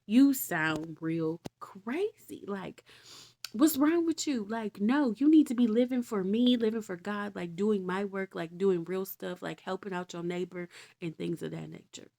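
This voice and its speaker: A woman's voice: mid-range voice, normal speed, gravelly, warm tone. A woman voicing a blunt, exasperated holy man who scolds people in sassy slang.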